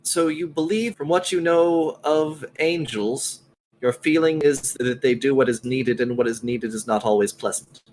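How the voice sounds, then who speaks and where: A man narrating a tabletop game as game master, calmly describing scenes. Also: medium pitch, moderate pace, poor audio.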